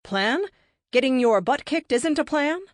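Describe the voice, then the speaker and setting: A woman's voice: sits high, expressive, unhurried, dry recording, studio quality, voice pushed up. A woman voicing a wry, glamorous superheroine who teleports. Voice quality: smirking, wry.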